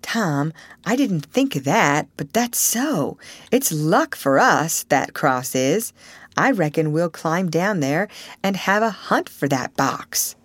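A woman voicing a superstitious, wary boy sidekick with a slow, nervous folksy drawl. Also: low-pitched, lively intonation, no room sound, heavily acted. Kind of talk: audiobook character reading.

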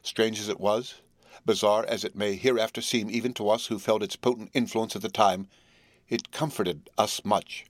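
A man narrating a classic novel in a measured, solemn reading voice, close to the mic. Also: lowish voice, steady tone, no room sound. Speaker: audiobook narrator.

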